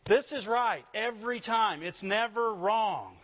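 A man delivers a sermon in a high, bright-pitched voice, pressing his points and checking in with the congregation through call-and-response. The recording sounds dull and lo-fi. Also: unhurried. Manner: call-and-response preaching, frequent "Amen?" and "Right?". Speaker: pastor.

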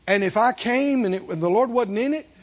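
A male pastor preaching a sermon in an animated way, drawing answers from the congregation. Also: extremely high pitch, fairly quick, dull audio. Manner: animated preaching with call-and-response.

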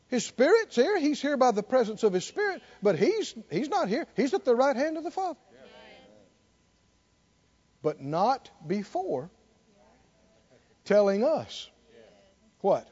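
A man's voice: sits high, sing-song, normal speed, pauses often, a little mellow. A man preaching a sermon emphatically, repeating phrases and firing off rhetorical questions. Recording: dull lo-fi recording.

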